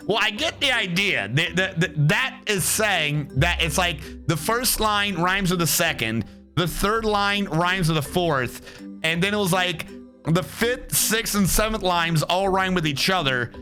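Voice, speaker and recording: A man's voice: high voice, lively intonation, measured pace, pushed and bright, faint music behind. A man casually commenting on his game as he plays, reading its text aloud with sarcastic, swearing asides. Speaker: streamer playing a strategy game. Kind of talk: casual let's play commentary.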